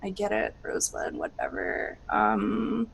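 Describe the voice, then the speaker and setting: A woman's voice: medium pitch, huge pitch swings, measured pace, vocal fry, slight background noise, heavily acted. A woman playing a sulky young horned female monk who talks grudgingly and dismissively in a tabletop role-play.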